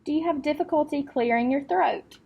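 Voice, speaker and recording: A woman acting as speech clinician, giving calm step-by-step test instructions with occasional fillers. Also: sits high, brisk, creaky, dull audio.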